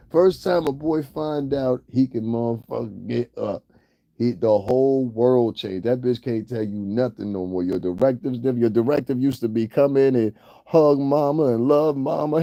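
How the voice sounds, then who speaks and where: A man's voice: mid-range voice, normal speed, gravelly, warm tone, no echo, studio quality. A man hosting a livestream, talking crudely and casually to his chat, roasting viewers and laughing often. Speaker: livestream host. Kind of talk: casual profane commentary to chat.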